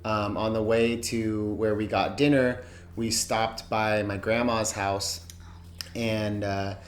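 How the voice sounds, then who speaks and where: A young man chatting casually and unhurriedly, pausing with fillers. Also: fairly low pitch, a little hiss or hum. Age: young adult. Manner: relaxed and unhurried, with pauses and fillers. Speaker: vlogger's fiancé. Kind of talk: casual chat. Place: indoors, sitting down. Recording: echoey room.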